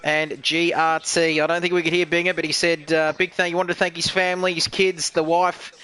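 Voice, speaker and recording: A male sim racing commentator wrapping up a live stream in a bright, high voice. He talks in an upbeat, chatty way, full of thanks and friendly sign-offs. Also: flat delivery, fairly quick, smooth. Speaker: race commentator.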